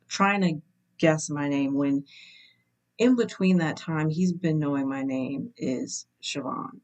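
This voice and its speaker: Low, slow-talking woman telling a story. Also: a little mellow. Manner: candid and wry, slows for emphasis. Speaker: vlogger. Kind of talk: casual storytelling to camera.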